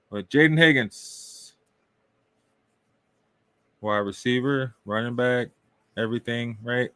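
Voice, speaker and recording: A man's voice: mid-range voice, fairly bright tone, dry recording. A man hosting a casual podcast, talking loosely and rambling, often tossing in questions and shrugging asides. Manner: loose, rambling, full of "right?" and "I don't know". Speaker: podcast host. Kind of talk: casual fantasy football talk.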